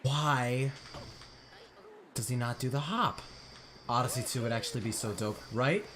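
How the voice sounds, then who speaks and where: A man's voice: mid-range voice, unhurried, noisy background. A young man streaming a video game, chatting casually with viewers and groaning at missed jumps. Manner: relaxed chat, bursts of frustration at missed jumps. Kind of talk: casual gameplay commentary.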